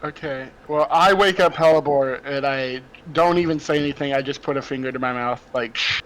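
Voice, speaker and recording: A man's voice: medium pitch, fairly quick, a bit bright, rough recording. A man playing a tabletop game in an upbeat way. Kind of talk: casual game chat.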